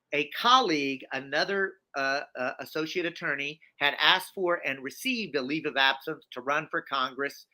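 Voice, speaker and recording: A man in his fifties tells his story to an interviewer, animated and emphatic, circling back with restarts and repeated phrases. His voice sits a bit high for a man and rings with a hard, piercing brightness. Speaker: interview guest.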